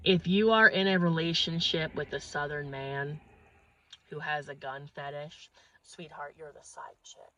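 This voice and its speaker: A woman's voice: low voice, measured pace, dull audio, a crowd in the background. A woman from northeastern Pennsylvania telling a crude, exaggerated comic story. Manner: animated, crude, exaggerated delivery. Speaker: comedian.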